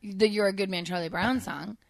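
A woman's voice: medium pitch, steady tone, fairly quick, creaky, no room sound, studio quality. A woman co-hosting a podcast in casual chat, easygoing and teasing. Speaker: podcast co-host.

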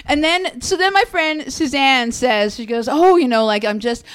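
A woman in her forties telling a story with excited, animated energy in casual chat. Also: high voice, measured pace, clear, resonant tone.

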